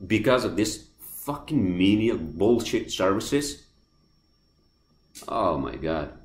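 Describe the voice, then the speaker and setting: A deep-voiced man with a non-native English accent hosts a podcast, delivering a casual monologue rant in a roomy, echoey space. He is very animated yet takes it slowly, ranting in a heated, profane way and repeating himself.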